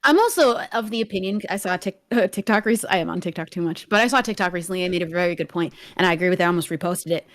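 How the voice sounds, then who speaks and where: A woman's voice: lowish voice, rapid-fire, hardly any pauses. A young woman in casual chat, speaking firmly and reflectively about her own experience.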